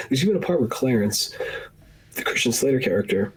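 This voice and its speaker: A man's voice: mid-range voice, animated, moderate pace, long pauses, slight background noise, rough recording. A man co-hosting a podcast, chatting casually and at length about a film, often acting out lines from it in a raised voice. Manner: rambling, acts out movie lines in raised voices. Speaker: podcast co-host. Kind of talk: casual film review chat.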